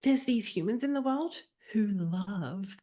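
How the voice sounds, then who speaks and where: Woman host telling lively work stories. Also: medium pitch, a little slow. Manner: animated storytelling, acts out her own quoted thoughts, sarcastic asides. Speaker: podcast host, family physician. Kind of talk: casual podcast conversation.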